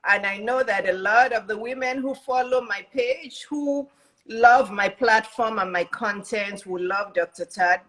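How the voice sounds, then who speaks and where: A woman hosts a live-streamed talk show from her home, talking around a cough drop in her mouth. She greets and welcomes everyone again and again in a chatty, repetitive way. Her voice sits at a middle pitch for a woman. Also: a bit bright, rough recording. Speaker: host.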